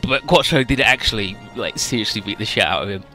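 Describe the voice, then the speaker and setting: A man chatting casually, retelling a story with animated energy, swearing and mimicking the characters. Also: fairly low pitch, a little fast, soft background music. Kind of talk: casual chat.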